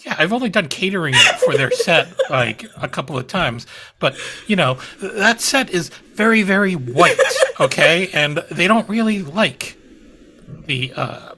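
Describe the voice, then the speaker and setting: Bright, raspy player rambling. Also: medium pitch, sing-song, a little slow. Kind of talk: in-character tabletop role-play.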